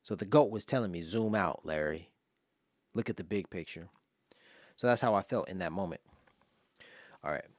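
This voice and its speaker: A man's voice: deep voice, moderate pace, long pauses, no room sound, studio quality. A man from Los Angeles giving casual spoken commentary on his own poem, telling stories with voiced asides and sometimes dropping to a whisper.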